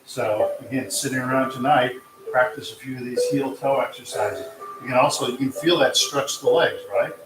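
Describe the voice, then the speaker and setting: A man leading a tai chi class, calmly counting out slow step-by-step cues for balance exercises. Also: mid-range voice. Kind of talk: guided exercise class instruction. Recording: roomy, distant mic with music.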